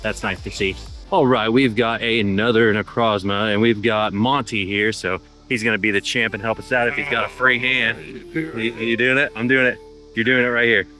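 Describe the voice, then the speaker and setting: A man's voice: lowish voice, steady tone, normal speed, bright, forceful tone, soft background music. A man hosting his game channel, giving upbeat, chatty play-by-play commentary. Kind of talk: casual gameplay commentary.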